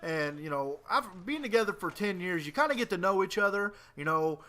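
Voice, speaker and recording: A man's voice: high voice, animated, a little fast, pushed and bright. A man in his late twenties telling a rambling, profane, joking story as casual commentary over a video game. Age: 20s. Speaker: gaming commentator.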